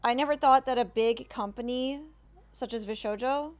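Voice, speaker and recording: A woman streamer giving reaction commentary, halting and emotional, with many restarts and apologies. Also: fairly high pitch.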